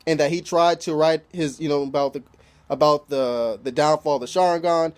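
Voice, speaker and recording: A man talking through an anime episode in a loose, rambling way, swearing freely and leaning on "you know" all the time. His voice sits a little on the high side. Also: fairly even intonation, moderate pace, smooth. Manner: loose and profane, heavy "you know" fillers. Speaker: anime reviewer. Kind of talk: casual recap.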